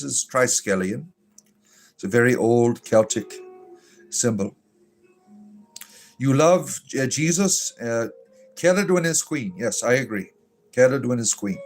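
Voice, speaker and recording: A man with a mid-range voice banters through a livestream chat, dry, mocking and irreverent. He speaks in a put-on lilting accent that sounds a little Irish. Soft music plays faintly behind him. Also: mid-range voice. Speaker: livestream host reading viewer chat.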